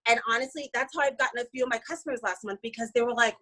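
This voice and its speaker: A woman's voice: a little high, very fast, bright, forceful tone, rough recording. A woman giving an upbeat, emphatic motivational talk to her sales team, speaking casually. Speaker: network marketing team member.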